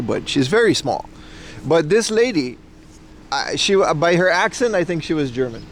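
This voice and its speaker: A man's voice: a little high, a little hiss or hum. Laid-back man chatting on an outdoor stream. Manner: laid-back, rambling, swears freely. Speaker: livestreamer. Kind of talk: casual live-stream chat. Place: outdoors on a nature hike.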